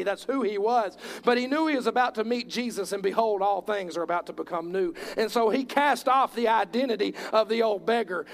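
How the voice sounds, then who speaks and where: Man, preacher, high voice, impassioned sermon delivery. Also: vocal fry. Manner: impassioned, acts out bible voices.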